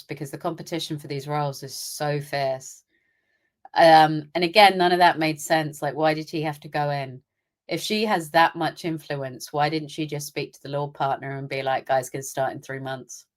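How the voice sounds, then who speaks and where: A young British woman co-hosting a podcast, chatting in an opinionated way and acting out little asides. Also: low voice. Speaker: podcast co-host. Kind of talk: casual chat.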